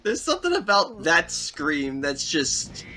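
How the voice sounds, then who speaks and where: A man's voice: on the high side, measured pace, faint music behind. A man co-hosting a game stream, chatting casually and telling stories with lots of energy and laughter. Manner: animated storytelling, laughs often. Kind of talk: casual chat.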